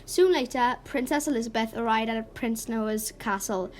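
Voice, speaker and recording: A woman with a fairly high voice reads a fairy tale aloud, acting out each character's lines as she goes. Faint noise hums underneath. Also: normal speed.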